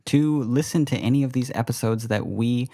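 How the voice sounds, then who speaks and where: A man co-hosting a casual podcast chat, sleepy and low on energy, rambling with halting restarts. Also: creaky, warm tone, no room sound, studio quality. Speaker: podcast co-host.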